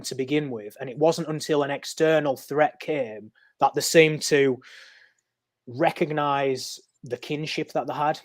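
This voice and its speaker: As a guest on a podcast, a man with a mid-range voice explains history in a loose, storytelling way, often saying "um" and restarting. The recording is dry.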